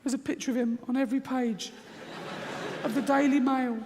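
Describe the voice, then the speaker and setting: A man voicing his own panicky, paranoid inner voice in a stand-up comedy routine, shrill, jittery and alarmist. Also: fairly even intonation, normal speed, long reverb tail, noisy background. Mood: alarmed.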